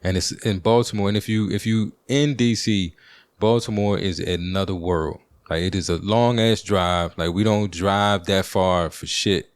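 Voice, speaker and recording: This Washington, D.C. podcaster has a smooth, deep, low voice with fairly even intonation and a measured pace. He tells a casual, wandering story loaded with slang and fillers, captured in a close, dry recording with no room sound.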